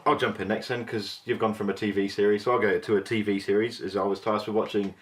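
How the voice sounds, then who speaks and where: A man's voice: fairly low pitch, flat delivery, quick pace. A man co-hosting a casual podcast, easygoing and chatty. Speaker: podcast co-host. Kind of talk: casual chat.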